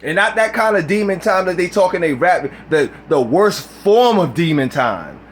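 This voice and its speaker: A man's voice: sits high, expressive, moderate pace, breathy edge. A man recording a reaction video, ranting in a heated, profane way. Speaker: YouTuber.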